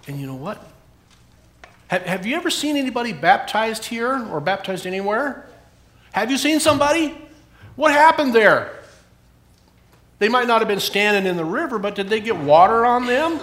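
A pastor leads a children's sermon with a high, bouncy voice that swings widely in pitch. He peppers the kids with questions and encouragement. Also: animated, moderate pace, pauses often, fairly bright tone, reverberant.

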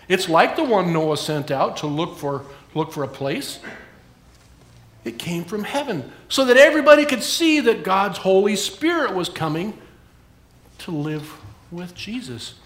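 Pastor guy doing a kids sermon, high voice, very up and down, lots of questions. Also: measured pace, roomy sound. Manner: animated, questioning, encouraging toward kids. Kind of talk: children's sermon.

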